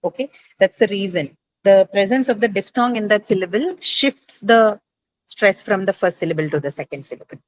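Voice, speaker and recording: A woman's voice: mid-range voice, expressive, moderate pace, no room sound, rough recording. A woman teacher giving a classroom lecture on word stress, explaining patiently, repeating points and checking that students understand. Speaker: English teacher.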